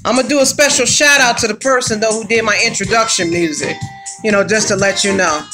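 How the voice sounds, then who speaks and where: A woman's voice: mid-range voice, fast, music in the background. A woman hosting her own livestream in a casual, upbeat way, greeting viewers by name and using slang. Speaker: livestream host.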